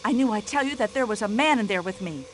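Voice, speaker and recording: An actress playing a brash, nosy older American widow with an American accent, fussing and complaining in a game. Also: female voice, medium pitch, animated, fast, a little hiss or hum, close to an everyday voice. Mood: indignant. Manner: indignant, nosy, fussy complaining chatter. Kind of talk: video game voice acting.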